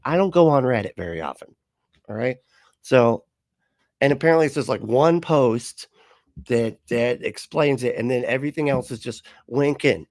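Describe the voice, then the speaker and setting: A man's voice: mid-range voice, vocal fry, dry recording, studio quality. A man hosting a live stream, reading chat aloud in a casual, rambling way, often laughing, swearing and sounding puzzled.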